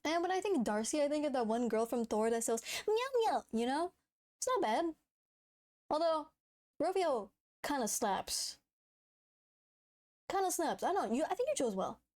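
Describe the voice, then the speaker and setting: A woman's voice: high-pitched, sing-song, normal speed, pauses often, darkish tone. A woman streaming live, chatting casually and playfully, laughing often and swearing freely. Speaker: VTuber streamer.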